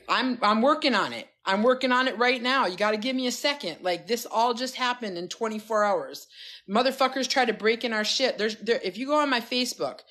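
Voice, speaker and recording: A woman's voice: lowish voice, fairly bright tone. A woman coach on a phone livestream, giving a fired-up, profane pep talk to her followers. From United States. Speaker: wellness coach.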